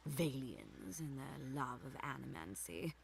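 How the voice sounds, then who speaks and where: A woman's voice: very deep voice, big pitch swings, a little slow, vocal fry, exaggerated voice. An actress voicing a stern female military captain in a video game, cool and disdainful.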